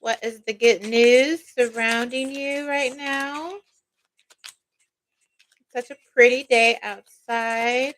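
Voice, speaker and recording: A woman's voice: on the high side, fairly bright tone, rough recording. A woman giving a casual tarot reading as a psychic, chatty and peppered with "all right" and "okay".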